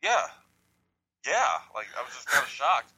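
A man's voice: mid-range voice, sing-song, a little slow, pushed and bright, slightly rough, rough recording. A man telling a rambling, profane, jokey story in casual chat.

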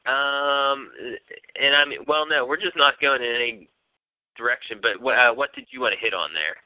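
A man talks through a casual podcast chat at an ordinary pitch, stumbling over restarts and fillers as he thinks out loud. The sound is dry and squeezed narrow, like a phone line. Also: normal speed, no room sound. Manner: hesitant, many fillers and restarts. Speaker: podcast co-host.

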